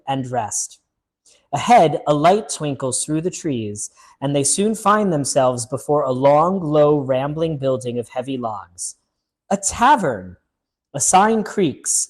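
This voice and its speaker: A man hosting a casual solo board game playthrough, chatting upbeat as he thinks aloud and reads the story text. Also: fairly high pitch. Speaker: board game channel host.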